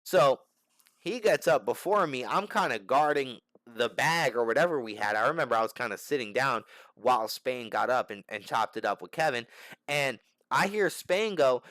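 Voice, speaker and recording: A man's voice: mid-range voice, animated, moderate pace, a bit bright, no room sound. A young man telling a story to the camera in a casual, slangy and profane way, restarting his sentences often. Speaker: channel host.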